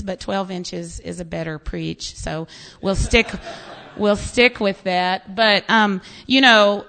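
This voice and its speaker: Here a woman pastor from the United States delivers her sermon in a gravelly, mid-range voice. She brings her stories to life by quoting different voices and laughing as she goes.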